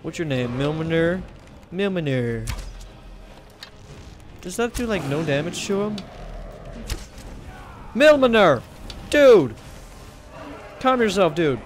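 Young male gamer: excitable, jokey, animated, a bit high-voiced. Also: unhurried, long pauses, noisy background. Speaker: gamer, video host. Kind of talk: casual let's-play commentary.

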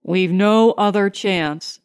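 A woman's voice: medium pitch, takes it slowly, a little mellow, smooth, close to an everyday voice. A woman narrator voicing a grim, tense male starship scientist in a clipped way.

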